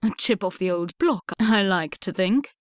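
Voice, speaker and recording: A woman reading an audiobook, voicing a blustering older Regency father who speaks in a booming, brusque and emphatic way. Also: lively intonation, moderate pace, no room sound, clean studio sound, natural voice. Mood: confiding.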